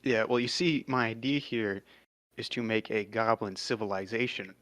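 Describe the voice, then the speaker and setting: A man's voice: fairly low pitch, fairly even intonation, moderate pace, fairly bright tone, a little hiss or hum. A man speaking as a player in a tabletop game, casual and a bit hesitant, swearing often. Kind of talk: in-character tabletop play.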